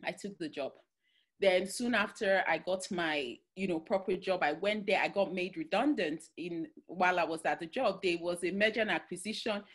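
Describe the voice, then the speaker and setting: A woman with a Nigerian accent giving a motivational talk, telling stories in an animated way with many fillers and restarts. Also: fairly low pitch, moderate pace. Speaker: guest speaker.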